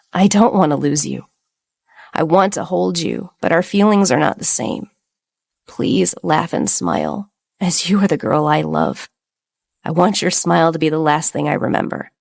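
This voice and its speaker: A woman voicing a gravely ill young man who speaks gently and solemnly. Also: low-pitched, full character voice.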